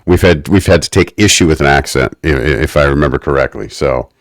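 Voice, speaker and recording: A man's voice: extremely low pitch, fairly quick, no echo. A man co-hosting a podcast, recapping an episode in a wry, mock-academic way. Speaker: podcast co-host. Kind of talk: casual podcast recap chat.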